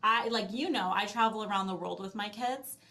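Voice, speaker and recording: A woman's voice: medium pitch, fairly quick, a little hiss or hum. Chatty woman guest telling a story. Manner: animated storytelling with acted-out quoted asides, filler "like". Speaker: guest, mother who travels with her kids. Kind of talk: casual interview conversation.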